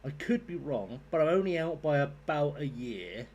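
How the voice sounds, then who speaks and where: A man's voice: a little high, expressive, normal speed, a little mellow, lo-fi sound. A man giving casual, rambling commentary while playing a game, swearing freely. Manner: rambling, sweary, chatty asides. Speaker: gaming YouTuber.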